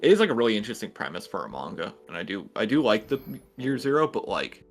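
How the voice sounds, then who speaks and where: A man chatting casually as a guest, rambling in a relaxed way with lots of filler words. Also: fairly low pitch, quick pace, vocal fry, soft background music. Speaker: guest co-host. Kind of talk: casual chat.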